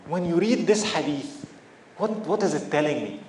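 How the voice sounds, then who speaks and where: An Islamic preacher with a slightly high voice gives a sermon in English, mixing in Arabic phrases, at a normal speed. He tells stories animatedly, acting out the voices of the people in them. The audio is poor, with an echoey room and slight background noise.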